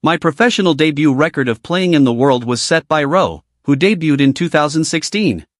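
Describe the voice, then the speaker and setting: A man voicing a cheerful teenage football prodigy, speaking in a slightly raised, even voice. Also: a little high, normal speed, dry recording, studio quality, close to an everyday voice. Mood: upbeat. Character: young male football prodigy, upbeat.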